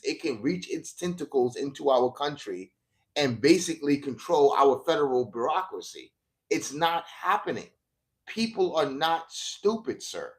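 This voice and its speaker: An American man doing live-stream political commentary, combative and profane as he mocks a viewer. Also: mid-range voice. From United States.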